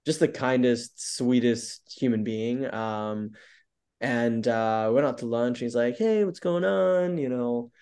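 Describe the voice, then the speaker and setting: A man's voice: medium pitch, level tone, slow, a little mellow, clean tone. A man telling stories as a podcast guest, upbeat and open, often using "like" as filler. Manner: upbeat, open storyteller who leans on "like" a lot. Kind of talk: casual interview chat.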